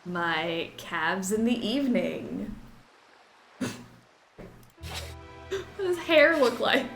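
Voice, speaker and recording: A woman's voice: medium pitch, sing-song, extremely slow, creaky, fairly bright tone, roomy sound, soft background music. A woman streamer chatting with her live chat while playing a game, bubbly, giggly and emotional.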